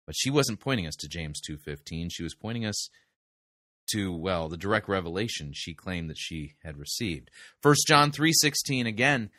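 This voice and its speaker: A man with a fairly low voice gives critical commentary on a sermon, steady and pointed. The recording is dry and close, with no room sound, and he drops quieter to drive points home. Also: normal speed, dry recording. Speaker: sermon reviewer.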